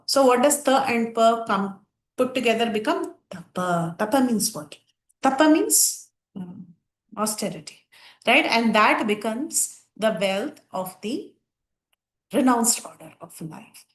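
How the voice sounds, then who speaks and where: A woman teaching a scripture class, explaining step by step and asking and answering her own questions. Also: mid-range voice. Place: online class. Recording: roomy echo.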